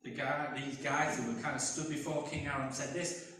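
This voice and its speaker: A man's voice: mid-range voice, steady tone, brisk, a bit bright. A man preaching a sermon as pastor, telling a story in a conversational way and acting out voices. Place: church, indoors. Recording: echoey church from a distance.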